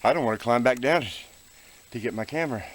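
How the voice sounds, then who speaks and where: A man's voice: mid-range voice, fast, noisy background. Winded man vlogging on a hiking trail. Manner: chatty, folksy, talks to viewers while hiking. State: out of breath. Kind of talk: casual outdoor vlog narration. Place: forest trail outdoors.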